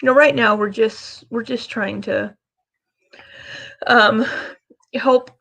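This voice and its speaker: Woman, tabletop player, polite, stumbling, unhurried, gravelly. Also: on the high side, steady tone, a bit bright. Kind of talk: in-character tabletop play.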